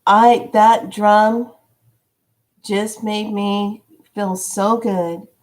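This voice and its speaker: A woman acting out an earnest, emotional female stranger who confesses in a slow, heartfelt, searching way. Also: mid-range voice, little pitch movement, a little mellow.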